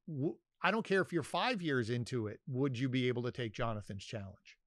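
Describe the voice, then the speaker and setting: A man's voice: mid-range voice, animated, brisk, a bit bright, dry recording, clean studio sound. A man hosting an interview, cutting in with follow-up questions. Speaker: host. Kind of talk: interview conversation.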